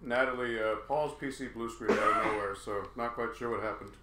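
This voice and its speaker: A man's voice: fairly low pitch, fairly even intonation, a little fast, roomy sound, heavy background noise. A man co-hosting a game stream, reading out chat and teasing his friends. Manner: teasing, joking.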